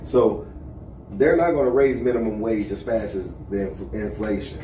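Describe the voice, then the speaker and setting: A man's voice: on the low side, normal speed, distant mic, a crowd in the background. A man talking as a guest on a casual podcast, laid-back and explaining his views. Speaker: guest rapper. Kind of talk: casual chat. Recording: echoey room, off-mic, faint noise.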